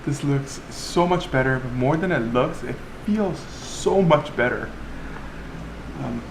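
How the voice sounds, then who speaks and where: A man's voice: medium pitch, animated, slow pace, background noise. A man vlogging casually about a DIY project in his home workshop, talking with lots of fillers and restarts. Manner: chatty, filler-heavy, restarts often. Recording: roomy workshop, music playing underneath.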